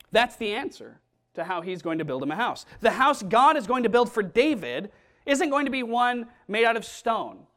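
A man preaching a sermon, emphatic and deliberate, repeating key phrases and slowing down to stress them. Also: very high voice, very animated, fairly bright tone.

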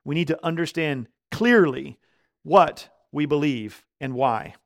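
A male pastor preaching a sermon, growing loud and slow on key words and when quoting scripture. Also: a little high, gravelly.

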